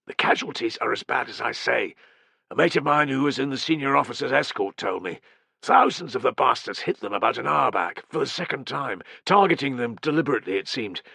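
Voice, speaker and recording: Brief: male narrator doing shaken Roman centurion, low urgent voice, audiobook, dry close mic. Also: lively intonation, brisk, gravelly, sharp tone, slightly rough, no room sound, full character voice. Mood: grim. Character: shaken grim male Roman centurion bearing bad news. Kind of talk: audiobook character reading.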